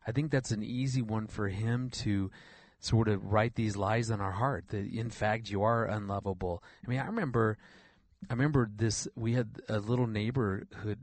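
Middle-aged male guest, low voice, earnest storyteller, stumbles and repeats words, dry studio mic. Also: steady tone, normal speed, no room sound. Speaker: regular guest, relationship counselor. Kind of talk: radio interview, storytelling.

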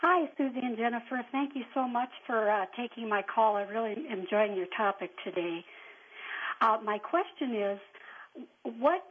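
A woman's voice: fairly high pitch, moderate pace. A woman calling in to a radio show, asking a question in a hesitant, searching way. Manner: hesitant, searching, many fillers. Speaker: caller. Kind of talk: call-in question. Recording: tinny phone line with faint noise.

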